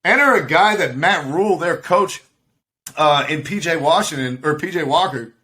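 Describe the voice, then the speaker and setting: A man's voice: fairly high pitch, expressive, moderate pace, sharp tone. A man co-hosting a podcast on a video call, riffing on sports in a joking, profane way and laughing often. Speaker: podcast co-host. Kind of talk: casual sports chat.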